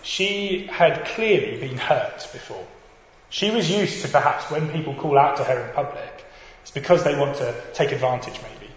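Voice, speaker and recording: Male preacher in an echoey hall. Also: medium pitch. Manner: earnest, reflective, addresses listeners directly. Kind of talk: sermon. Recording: dull echoey hall with faint noise.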